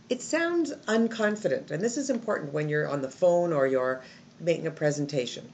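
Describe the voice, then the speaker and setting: Low, lively-voiced woman teaching intonation. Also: moderate pace, creaky, a little hiss or hum. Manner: demonstrates intonation with example sentences. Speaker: English teacher. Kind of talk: recorded textbook lesson. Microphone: phone camera.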